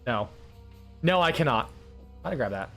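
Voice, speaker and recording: A man's voice: medium pitch, big pitch swings, moderate pace, a bit bright, faint music behind. A man casually commenting while playing a game on stream, rambling with lots of filler words and frequent swearing.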